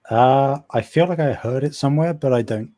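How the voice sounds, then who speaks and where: A man's voice: mid-range voice, brisk, dark tone. A man co-hosting a podcast, answering casually in a laid-back way with short, hesitant replies. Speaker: podcast co-host. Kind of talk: casual chat.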